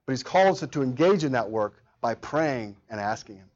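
A man's voice: medium pitch, animated, brisk, a little mellow, muffled recording. A man preaching a sermon as pastor, earnest, often repeating words and acting out quoted prayers.

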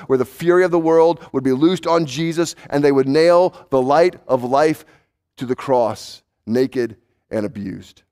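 Male pastor, sermon, emphatic with hushed drops, slightly high voice. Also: clear, resonant tone. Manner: emphatic, swings between raised urgency and hushed low intensity; repeats words for emphasis.

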